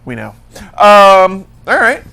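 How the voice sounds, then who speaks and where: Lively, higher-voiced man hosting casual chat. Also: slow pace, creaky. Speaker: host.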